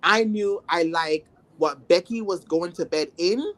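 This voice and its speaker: A trans woman from Jamaica telling her life story in casual talk, animated and acting out her past thoughts with exclamations. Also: lowish voice, measured pace.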